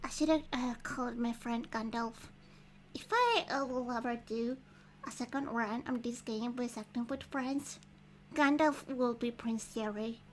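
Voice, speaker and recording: Giggly high-voiced woman streamer. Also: a little slow, low-quality recording. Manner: chatty and giggly, thinking aloud with many restarts. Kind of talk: casual livestream commentary.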